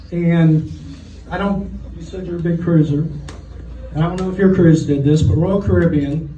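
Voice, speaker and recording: A man in his sixties from Oklahoma doing a deadpan stand-up set at a restaurant comedy night. He tells his stories in a dry voice and slips into short quoted voices for the people in them. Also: on the high side, a little hiss or hum. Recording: echoey room, voice heard from a distance.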